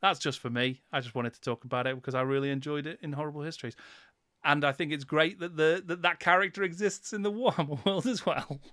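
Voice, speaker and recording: A man with a slightly raised voice hosts a relaxed online quiz. He teases the players and giggles between questions. The sound is dry and close to the mic. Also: on the high side, fast, no echo. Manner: playful, giggly, teasing. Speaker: quiz host. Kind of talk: casual livestream quiz hosting.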